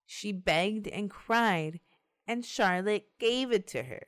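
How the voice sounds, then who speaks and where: A woman's voice: medium pitch, slow. A woman hosting a podcast, casually retelling a true-crime case, laughing often and swearing. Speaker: podcast host telling the case.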